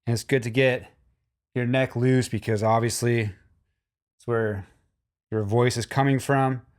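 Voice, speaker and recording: A man's voice: mid-range voice, steady tone, unhurried. Male vocal instructor, mid-range voice, encouraging course narration. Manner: encouraging, demonstrates hums and sung lines.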